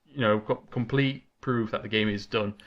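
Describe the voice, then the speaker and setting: A man with a fairly low voice hosts a casual gaming podcast from his desk microphone. He talks in an excitable, chatty way and rambles from one thought to the next. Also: moderate pace, dull audio, slight background noise. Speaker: podcast host.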